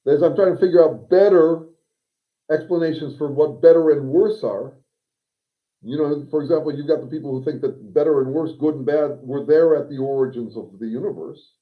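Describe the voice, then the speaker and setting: A man's voice: a little high, brisk. Digressive man on a tinny livestream. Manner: digressive, thinking aloud with restarts; wry, reads viewer comments aloud. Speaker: livestream host and consultant. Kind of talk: unscripted livestream monologue. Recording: tinny phone-like audio.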